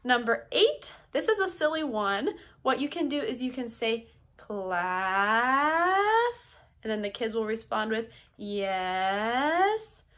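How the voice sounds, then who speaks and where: A young woman who teaches preschool talks other teachers through her classroom routines in an upbeat, explanatory way. Her voice sits a little high for a woman, and she breaks into short, bright call-and-response chants to show how each one goes. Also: normal speed. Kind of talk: instructional talk to teachers.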